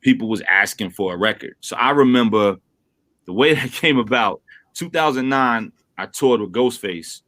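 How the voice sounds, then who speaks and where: Animated Brooklyn man telling stories. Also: normal speed. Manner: animated storyteller, acts out quotes with big pitch jumps. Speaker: rapper guest. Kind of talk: casual storytelling interview. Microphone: remote call.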